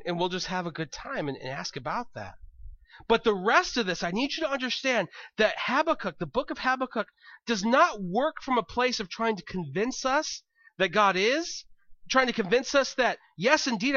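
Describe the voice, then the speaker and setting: A man's voice: sits high, pushed and bright, no room sound, dull audio. A male pastor preaching a conversational sermon, often repeating words as he thinks aloud.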